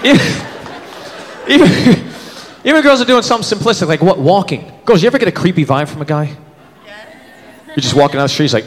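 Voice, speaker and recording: A man in his thirties works a live stand-up crowd, his voice jumping around a lot and sitting a little high for a man. The long reverb of a hall hangs on every line, with loud audience laughter and room noise behind him. He keeps slipping into other characters' voices. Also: fast talker. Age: 30s. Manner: animated, acts out characters in shifting voices. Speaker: stand-up comedian. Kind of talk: stand-up comedy set. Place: comedy club stage with live audience.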